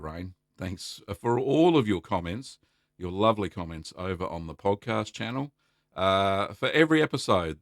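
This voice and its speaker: A middle-aged Australian man hosting a casual live stream, chatty and relaxed, greeting viewers by name and filling pauses with ums. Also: low-pitched, dry recording, studio quality. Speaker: livestream host answering cheesemaking questions.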